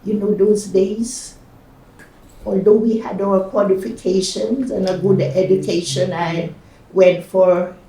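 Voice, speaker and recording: A woman's voice: medium pitch, steady tone, slow, warm tone. An older woman from Jamaica with a Jamaican accent, recalling her past in an oral history interview, hesitant, with fillers and restarts. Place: community centre room. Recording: echoey room, mic at a distance.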